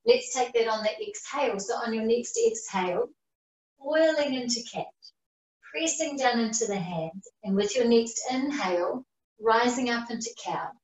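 A woman leads a guided yoga class with a slightly high voice. Her breathing cues come slowly and calmly, with long pauses between them. She sounds some distance from the mic, in an echoey room. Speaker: yoga teacher. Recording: roomy echo, voice far from the mic.

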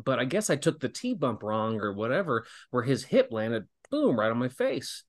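A man's voice: medium pitch, moderate pace. A man in his thirties, a wrestling guest, telling stories casually with lots of laughs and acted-out quotes. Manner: animated, laughing storyteller who acts out quotes. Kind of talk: casual storytelling.

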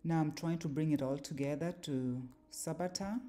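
A woman giving a slow, deliberate explanatory lecture on word meanings, pausing often with fillers. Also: sits low, dark tone. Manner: measured, deliberate, with pauses and fillers. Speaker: language teacher.

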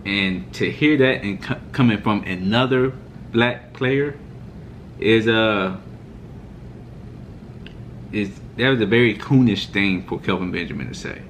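A man with a fairly low voice rants heatedly through a sports reaction video. His delivery is mocking and fired up. Faint background noise sits under the recording. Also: a little slow, pauses often.

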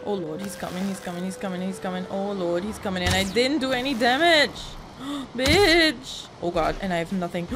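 A woman's voice: medium pitch, a little fast, background noise. A woman giving live, panicky let's-play commentary, swearing, laughing and pleading with an enemy in the game. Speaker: gaming YouTuber. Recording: game music playing behind the voice.

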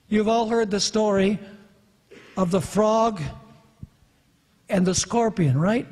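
A man's voice: high voice, breathy edge. A man preaching a sermon, emphatic and questioning his audience. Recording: long reverb of a hall.

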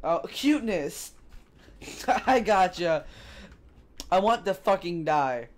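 Ein Mann kommentiert locker sein Videospiel, witzelnd und mit derben Flüchen. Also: male voice, sits high, animated, takes it slowly. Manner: casual, joking, profane. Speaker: let's play gamer. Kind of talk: casual gameplay commentary.

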